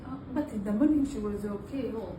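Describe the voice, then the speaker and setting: A woman's voice: mid-range voice, fairly quick, recorded from a distance. A woman in casual conversation who turns pleading and emotional. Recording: echoey room with noticeable noise.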